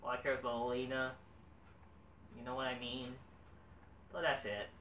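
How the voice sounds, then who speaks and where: A man rants through a wrestling show review, swearing constantly. His voice is bright and forceful. He sits back from the mic in an echoey room with a faint hum behind him. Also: medium pitch, flat delivery, moderate pace, distant mic. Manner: profane, exasperated, swears constantly. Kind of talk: casual ranting review.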